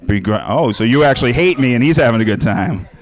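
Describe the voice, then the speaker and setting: A man's voice: medium pitch, animated, fairly quick. Crude rambling stand-up comic man. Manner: crude, rambling, laughing at his own jokes. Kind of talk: stand-up comedy set. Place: small cable access studio stage.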